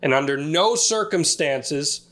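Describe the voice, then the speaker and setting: A man's voice: fairly high pitch, lively intonation, unhurried, fairly bright tone. A man hosting a podcast interview, asking questions and narrating the scenes being watched.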